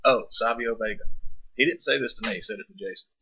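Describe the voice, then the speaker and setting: A man's voice: mid-range voice, fast talker, bright, forceful tone, husky. A man co-hosting a podcast, telling long rambling stories in casual chat, swearing now and then. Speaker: podcast co-host. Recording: dull lo-fi sound.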